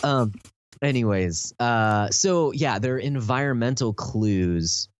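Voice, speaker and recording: A man's voice: mid-range voice, lively intonation, slow, clear, resonant tone, no echo. A man with a Texan accent chatting casually on a podcast, explaining at length with plenty of "um" and "like". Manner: rambling, lots of fillers, enthusiastic explaining. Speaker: podcast host.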